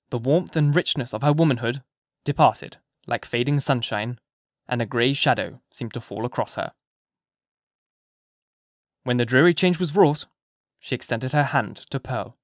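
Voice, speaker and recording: A man's voice: medium pitch, no echo, clean studio sound. Man reading a classic novel aloud. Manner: measured, expressive literary reading. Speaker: audiobook narrator. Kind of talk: scripted narration of a classic novel.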